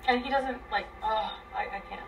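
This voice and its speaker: A woman venting a tangled relationship story, profane and rambling, her voice swinging between loud bursts and near mutters. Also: fairly high pitch, brisk, recorded from a distance, over music, low-quality recording. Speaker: guest telling her story. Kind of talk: emotional venting.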